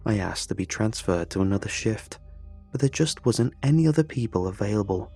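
A man narrating a first-person horror story with a low, husky voice. He tells it in a tense, confessional way, as if still shaken by it. Soft music runs quietly in the background. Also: expressive, a little fast.

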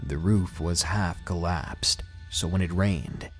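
Deep-voiced man narrating a dark tale. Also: slow pace, faint music behind. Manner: dramatic, expressive storytelling. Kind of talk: first-person story narration.

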